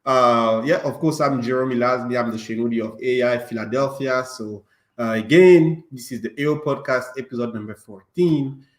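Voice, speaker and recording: A male podcast host with a non-native English accent, talking loosely and joking between his points. He leans on fillers and restarts, and his voice sits mid-pitch. The call is recorded in a noticeably echoey room. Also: moderate pace. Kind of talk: casual online podcast chat. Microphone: online stream call.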